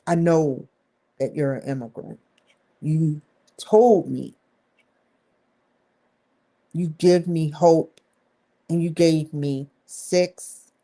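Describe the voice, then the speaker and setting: Woman, vlogger, casual monologue, slow, rambling, candid, swears freely, drawn-out emphasis. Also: low voice, dark tone.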